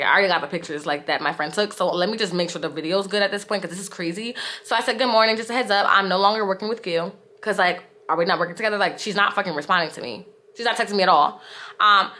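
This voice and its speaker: A woman's voice: mid-range voice, bright, forceful tone. A young woman telling a storytime vlog, candid and exasperated, with frequent "like" fillers. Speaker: vlogger.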